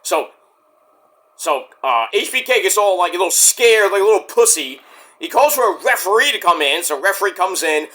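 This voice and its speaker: A man casually recapping a wrestling show, swearing freely and acting out the wrestlers' lines in loud put-on voices. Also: high-pitched, sing-song, normal speed. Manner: profane, acts out quotes in big shouted voices.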